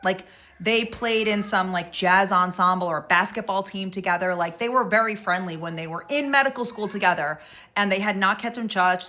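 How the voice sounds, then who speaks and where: A woman's voice: medium pitch, bright, forceful tone. A woman casually telling a personal story, chatty, acting out both sides of a conversation.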